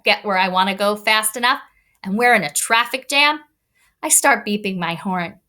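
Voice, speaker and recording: A woman teacher giving an online read-aloud lesson to young children, talking in an expressive, kid-directed way. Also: mid-range voice. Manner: animated, expressive teacher voice addressing kids. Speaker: elementary school teacher.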